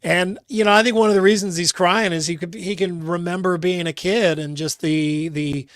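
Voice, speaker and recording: Earnest talk radio host, dry studio sound. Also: male voice, sits high, steady tone, moderate pace, no echo. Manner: earnest, thinks aloud with repeated words. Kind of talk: sports talk radio commentary. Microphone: studio microphone.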